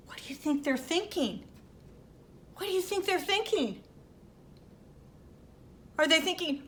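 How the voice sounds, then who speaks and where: A woman librarian reading a picture book aloud to children, animated and stopping to ask them questions. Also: very high-pitched, unhurried, pauses often. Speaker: children's librarian storytime host.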